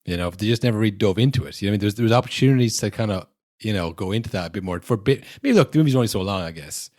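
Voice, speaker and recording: A young male podcast co-host speaks in a lowish, slightly mellow voice, animated and racing along. Clean studio sound with no room echo carries his casual, rambling chat, full of "you know"s and short exaggerated bits he acts out.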